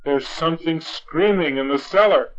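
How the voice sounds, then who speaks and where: A man's voice: on the high side, normal speed, natural voice. A man voicing a stern, indignant farmer's wife in a bedtime story, on a dull lo-fi home recording.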